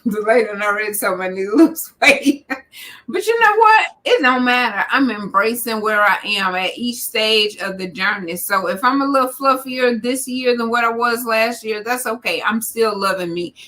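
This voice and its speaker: A woman hosting a casual conversation, expressive and quick to laugh. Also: on the high side. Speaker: podcast host. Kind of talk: casual chat.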